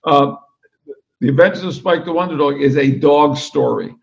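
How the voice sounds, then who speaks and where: Gravelly older man telling anecdotes. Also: a little high, moderate pace, muffled recording. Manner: animated anecdotal storyteller. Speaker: interview guest, author. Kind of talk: casual chat.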